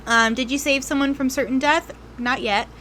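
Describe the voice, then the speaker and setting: A woman game master narrating a tabletop role-playing game, telling the story unhurriedly with frequent ums and pauses. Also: high voice, fairly even intonation, fairly bright tone, slight background noise.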